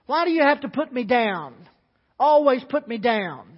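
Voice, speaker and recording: A man's voice: very high voice, moderate pace, pitched above the performer's own voice. A man voicing a lonely, downtrodden woman who talks in a hesitant, apologetic way. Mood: hurt. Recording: dull sound with long hall reverb.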